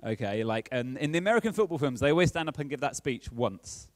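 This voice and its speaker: A man's voice: medium pitch, animated, quick pace, dry recording. A man preaching a chatty, playful sermon and keeping in touch with his congregation. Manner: chatty and playful, keeps checking in with the audience.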